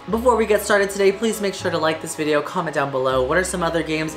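Female let's-play host, lower voice, jumpy and foul-mouthed, roomy echo with game music. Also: fast, hardly any pauses. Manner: jumpy, screams, crude jokes. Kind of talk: casual gaming commentary. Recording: echoey room with game music.

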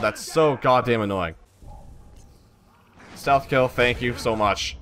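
A man's voice: medium pitch, slow, long pauses, a bit bright, a little hiss or hum. A young man streaming a video game, reacting with exasperated, swearing running commentary. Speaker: gaming streamer. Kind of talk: let's play commentary.

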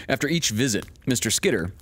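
A man hosting a story show, reading classic short stories aloud in a measured storytelling manner with the odd casual aside. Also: mid-range voice, sing-song, breathy edge. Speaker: storyteller host.

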